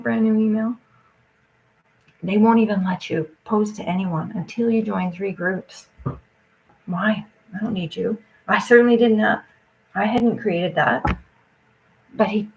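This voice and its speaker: A woman's voice: mid-range voice, vocal fry, a little hiss or hum, poor audio. A woman talking straight to her audience in an agitated, rambling rant, swearing often and jumping from point to point.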